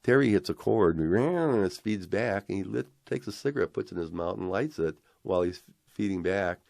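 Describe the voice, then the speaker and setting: Very deep-voiced older man telling stories. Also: moderate pace, vocal fry, no echo, clean studio sound. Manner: acts out dialogue, rambling and excited. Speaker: interviewee storyteller. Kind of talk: animated anecdote retelling.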